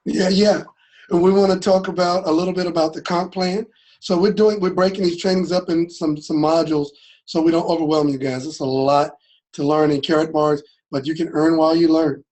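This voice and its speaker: A man co-hosting a training call, making relaxed, casual announcements. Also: fairly high pitch, a little fast, rough recording.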